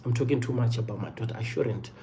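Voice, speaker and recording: A South African man in his thirties tells a personal story on a livestream. His voice sits at an ordinary middle pitch. He speaks earnestly, circling back to repeat his points and leaning on "you know" fillers. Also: fast, dark tone. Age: 30s. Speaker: livestream host.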